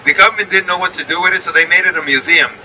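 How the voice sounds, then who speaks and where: Rapid-fire and sharp, a high-pitched male guide with a New York accent points out landmarks from a moving bus, keeping up a chatty back-and-forth with his listeners. Captured on a distant mic with slight background noise, the audio is poor.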